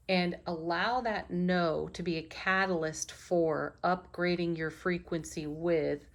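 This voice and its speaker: A middle-aged woman giving an enthusiastic, affirming spiritual tarot reading. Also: fairly low pitch. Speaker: tarot reader.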